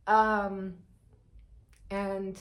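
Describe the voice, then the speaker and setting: A young woman from Rwanda, telling a personal story to her viewers in an animated, chatty way. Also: mid-range voice, extremely slow. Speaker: vlogger.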